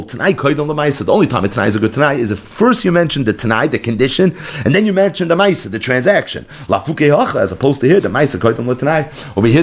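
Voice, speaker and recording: Man giving a lively Talmud class. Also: mid-range voice. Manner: explains Talmud in English mixed with Aramaic and Hebrew terms. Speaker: Talmud teacher. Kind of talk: daf yomi Talmud lecture.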